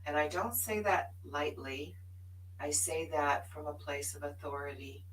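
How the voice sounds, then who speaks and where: A woman's voice: sits low, unhurried, distant mic, slight background noise, low-quality recording. A woman co-hosting a spiritual live show, sharing her journey in an earnest, emphatic way. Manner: earnest and emphatic, laughs often.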